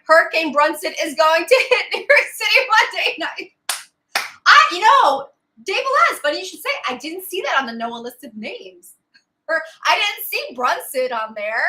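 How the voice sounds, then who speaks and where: Bright high-voiced woman hosting a live stream. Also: low-quality recording. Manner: chatty, laughs often, greets viewers by name. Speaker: weather livestream host. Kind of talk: casual live-stream chat.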